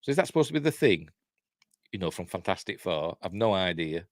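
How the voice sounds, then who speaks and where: An older Yorkshire man talks in a low voice, chatting casually as the host of a live stream. He muses aloud with dry, wry asides and often lets his thoughts trail off. The sound is close and dry, with no room around it. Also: big pitch swings, fairly quick, no echo. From Yorkshire, England. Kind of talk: casual chat.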